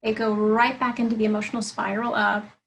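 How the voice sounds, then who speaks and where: A woman's voice: mid-range voice, flat delivery, brisk, a bit bright, a little hiss or hum, rough recording. A woman life coach in an interview conversation, explaining her approach earnestly and laying out her points one by one.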